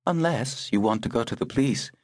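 A man's voice: mid-range voice, animated, fairly quick, darkish tone, no echo, studio quality, voice pushed up, natural voice. A man reading the lines of a poised, wry older upper-class woman in an audiobook.

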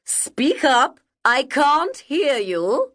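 A woman voicing a shrill, sanctimonious guardian. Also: sing-song, fairly bright tone, exaggerated voice. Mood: sour, stern. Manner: shrill, preachy, slow and deliberate. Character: prim, sanctimonious woman guardian scolding a child. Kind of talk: audiobook character reading.

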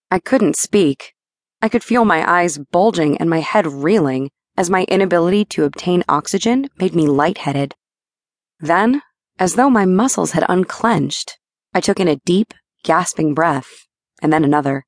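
A woman reading a first-person novel with measured, wry delivery. Her voice sits on the low side of the range. The recording is close and completely dry, with no room sound. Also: no echo. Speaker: audiobook narrator. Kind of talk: first-person audiobook narration. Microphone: close studio mic.

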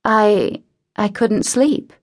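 A woman's voice: fairly high pitch, animated, a little slow, voice pushed up. A woman voicing a stammering lovestruck young woman. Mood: pleading. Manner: stammering, pleading.

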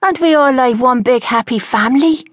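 A man's voice: extremely high pitch, a little fast, a bit bright, no echo, pitched above the performer's own voice. A woman voicing a jovial man from who pleads with his friend to stay, in a storybook reading. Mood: pleading. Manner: pleading, hearty. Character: jovial Dublin man, old college friend.

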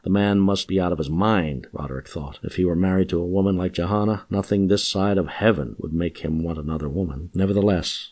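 A male narrator with a deep voice reads an audiobook script, telling the story in a measured yet expressive manner.

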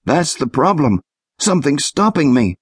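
Nervous boy at the helm, shaky but trying to sound steady, kids' audiobook; a male narrator does him. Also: a little high, normal speed, breathy edge, no room sound, studio quality, pitched above the performer's own voice, full character voice. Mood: strained. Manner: shaky, uncertain, slightly raised voice. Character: nervous young boy sailor trying to act brave. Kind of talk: audiobook character voice.

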